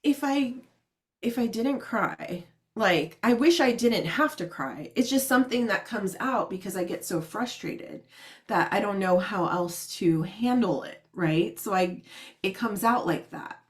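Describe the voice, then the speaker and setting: A woman's voice: mid-range voice, a little slow. A woman in easy conversation, spilling a story with plenty of energy. She slips into other people's voices as she goes and laughs often. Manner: animated, acts out quotes, laughs often. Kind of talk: casual storytelling chat.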